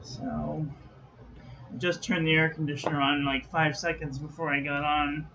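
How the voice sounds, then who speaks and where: A man's voice: fairly high pitch, level tone, normal speed, vocal fry, bright, forceful tone, dull audio, slight background noise. A man hosting a casual product review vlog from his own room at home, chatty and reading product details aloud in clipped lists. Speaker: host.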